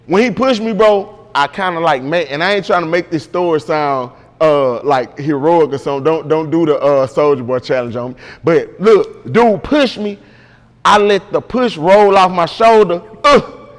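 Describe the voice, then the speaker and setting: A man's voice: fairly high pitch, moderate pace, in a large hall. A man guest in an interview, telling a story casually and with animation, full of slang and repeated "bro".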